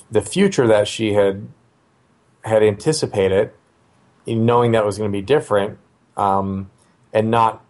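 A middle-aged man with a fairly low voice tells a story about his family. He talks in a relaxed, conversational way, pausing on fillers and restarting his sentences as he thinks. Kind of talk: casual personal storytelling.

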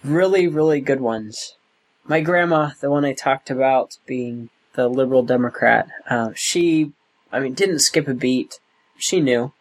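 A young man being interviewed, talking in a slow, thoughtful way with many pauses and restarts. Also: medium pitch, poor audio. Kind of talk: oral history interview.

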